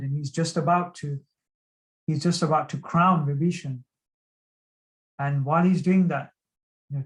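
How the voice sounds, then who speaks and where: A man retelling a sacred story in a devotional talk, his voice sitting a little higher than most men's. He speaks earnestly and unhurriedly, pausing often between phrases. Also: poor audio.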